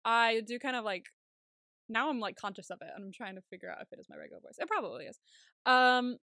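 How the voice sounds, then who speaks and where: A young woman chatting on a podcast, fairly high and bright, laughing often and swearing casually. Her voice sits close and dry on the mic, with no room around it. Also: lively intonation, fast, dry recording. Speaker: podcast co-host. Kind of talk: casual chat.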